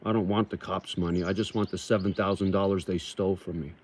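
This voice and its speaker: Rough-spoken man reading livestream chat. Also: low-pitched, steady tone, darkish tone, slight background noise. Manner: rough-spoken, swears, calls viewers brother; reads comments slowly aloud.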